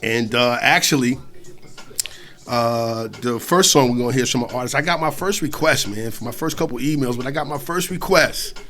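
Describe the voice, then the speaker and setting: A middle-aged man from New York State hosting a hip-hop radio show, talking loosely between songs with slang, swearing and shout-outs. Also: medium pitch, normal speed.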